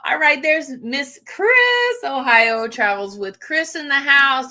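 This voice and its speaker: A woman hosts a casual livestream, greeting viewers in a gushing, emotional way packed with fillers. Her voice is high-pitched, expressive, pushed and bright, and she speaks slowly with few pauses.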